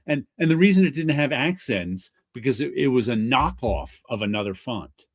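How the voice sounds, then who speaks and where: A man's voice: mid-range voice, lively intonation, normal speed, no room sound. A man hosting a podcast who tells anecdotes in casual chat, quoting himself and laughing often. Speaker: podcast host.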